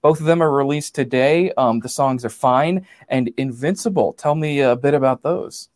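An interview host asks the questions. The delivery is halting, full of fillers and restarts. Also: medium pitch, darkish tone.

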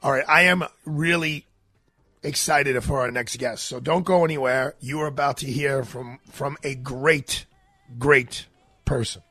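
A man's voice: mid-range voice, steady tone, unhurried, bright, forceful tone, dry recording. A man hosting a talk radio show, giving emphatic opinions with many fillers and restarts.

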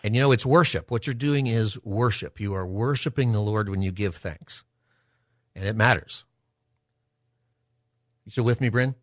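A man hosting a Christian talk radio show, speaking in a relaxed, conversational way with many filler words. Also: on the low side, moderate pace, long pauses, no echo, clean studio sound. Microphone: studio microphone.

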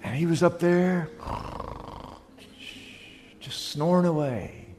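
Dramatic high-pitched male preacher in a hall. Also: slow pace, darkish tone, slight background noise. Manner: dramatic preaching with big swings in pitch and volume. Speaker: pastor. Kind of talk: sermon.

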